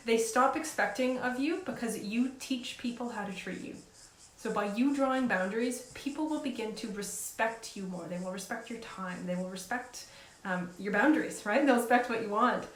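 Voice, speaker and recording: A woman's voice: a little high, normal speed. A woman life coach giving casual, encouraging advice in an earnest, conversational way. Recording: echoey room with faint hiss.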